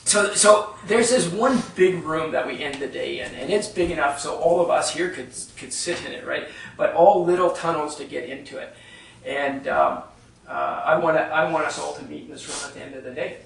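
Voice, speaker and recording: A man with a slightly high, gravelly voice tells a story to a live audience in an easy, conversational way. He is heard from some distance in an echoey room, with faint room ambience behind him. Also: fairly bright tone, slight background noise. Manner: conversational, frequent "right?" checks with audience. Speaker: workshop leader. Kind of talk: storytelling workshop talk. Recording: echoey room, speaker off-mic.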